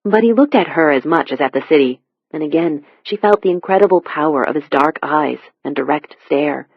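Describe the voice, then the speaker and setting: An audiobook narrator reading a thriller in a steady, measured way. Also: mid-range voice, slightly rough, no room sound, dull audio. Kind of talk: scripted narration.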